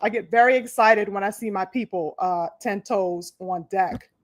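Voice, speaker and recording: A woman's voice: mid-range voice, moderate pace, dry recording. A woman hosting a live podcast, talking casually with lots of fillers and restarts. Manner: chatty, many fillers and restarts, greets viewers by name. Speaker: podcast host. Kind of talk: casual live-stream talk.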